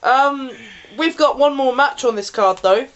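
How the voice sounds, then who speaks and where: A playful woman riffing on a homemade podcast, her voice sitting a little high. The recording is dull and lo-fi, with the highs rolled off. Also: unhurried. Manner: playful, teasing, bursts into laughter. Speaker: podcast co-host. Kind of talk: casual chat. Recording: dull lo-fi audio.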